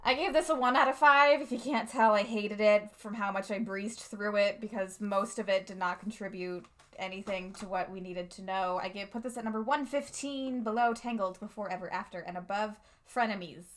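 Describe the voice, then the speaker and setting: A woman's voice: mid-range voice, moderate pace. A woman co-hosting a podcast, recapping a movie in casual chat and laughing often. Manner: laughs often, animated retelling. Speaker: podcast co-host.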